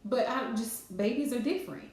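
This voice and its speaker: A woman's voice: fairly high pitch, normal speed, darkish tone. A woman, chatting casually on a live stream with playful scolding asides. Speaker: livestream host. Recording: very echoey room.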